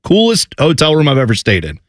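A man's voice: fairly high pitch, huge pitch swings, fairly quick, no room sound. A man co-hosting a sports talk radio show, rambling through casual anecdotes and banter at a studio microphone. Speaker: radio co-host.

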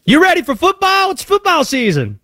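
A man putting on a loud, excitable Cajun-drawling conspiracy character who rambles through hot takes. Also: sits high, brisk, no echo, heavily acted. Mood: excited.

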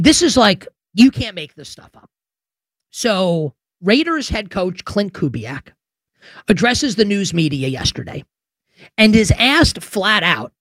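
A man hosts a sports talk radio show, his voice swinging widely in pitch as he rants with sarcasm and emphatic rhetorical questions. He is recorded close on a studio microphone in a dry, dead room. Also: fairly bright tone, no room sound.

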